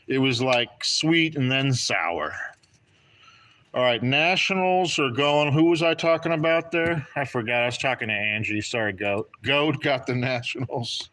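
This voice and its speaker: A man's voice: medium pitch, lively intonation, moderate pace, bright, forceful tone. A man hosting a live trading card break stream, chatting and joking with viewers by name as he calls out draws. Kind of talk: casual live-stream commentary.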